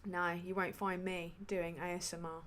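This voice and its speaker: A woman's voice: fairly low pitch, level tone, moderate pace, a bit bright, slight background noise. A woman hosting a livestream, chatting casually about politics in a sweary, rambling, sardonic way full of fillers. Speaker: livestream host.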